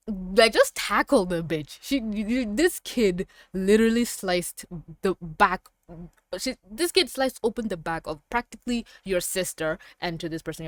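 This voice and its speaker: Excitable woman rambling through a review. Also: lowish voice, no room sound, clean studio sound. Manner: excitable and rambling, with emphatic outbursts. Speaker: TV episode reviewer. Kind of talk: casual review commentary.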